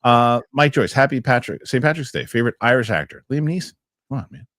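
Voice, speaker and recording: A middle-aged man hosting a casual talk show, telling stories and reading viewer messages with animated, excitable delivery. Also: medium pitch, quick pace, dry recording, clean studio sound. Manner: animated storytelling, excitable rants. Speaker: show host. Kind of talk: casual chat.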